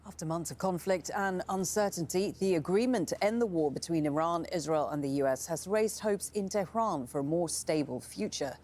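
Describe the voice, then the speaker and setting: A woman news anchor reading scripted headlines in a measured, formal way. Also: lowish voice, a little mellow.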